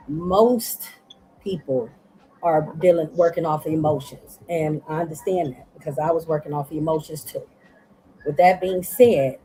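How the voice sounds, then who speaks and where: A tired woman talks earnestly on an online panel call, circling back and repeating herself as she makes her points. Her voice sits low and mellow. A faint hiss runs under the call audio. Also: low-quality recording. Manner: earnest, rambling, repeats "you know what I'm saying". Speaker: panel guest. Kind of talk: casual live panel discussion.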